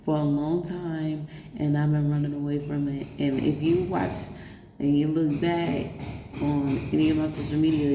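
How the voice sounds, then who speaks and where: Young adult woman, low gravelly voice, chatty confessional vlog, laughs often, echoey room with a hum behind her. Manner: chatty, rambling, laughs often, addresses viewers as y'all. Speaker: vlogger. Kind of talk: casual personal storytelling. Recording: echoey room with background noise.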